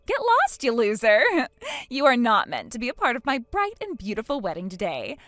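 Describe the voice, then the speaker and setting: A woman's voice: fairly high pitch, wildly swooping pitch, fairly quick, a bit bright, no echo. A woman voicing an arrogant young bride who mocks and dismisses her old friend. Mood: mocking. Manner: sneering and haughty, breaking into mocking laughs. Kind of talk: dramatized text-message story.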